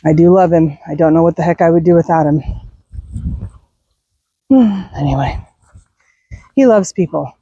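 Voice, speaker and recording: A woman's voice: sits low, normal speed, long pauses, warm tone, breathy edge, dry recording, dull audio. A middle-aged woman chatting casually while walking her dog outdoors at night, laughing and sighing often. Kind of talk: casual walk-and-talk chat.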